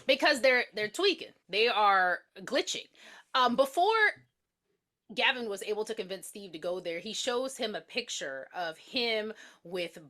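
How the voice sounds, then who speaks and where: A woman's voice: medium pitch, a little slow. A woman co-hosting a casual movie recap podcast, acting out the characters' lines as she retells scenes. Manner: animated, acts out characters' lines. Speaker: podcast co-host.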